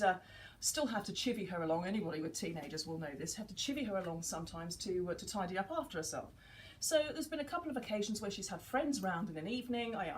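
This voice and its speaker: Animated woman teaching casually. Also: medium pitch, a little hiss or hum, rough recording. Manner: animated, acts out dialogue in quotes.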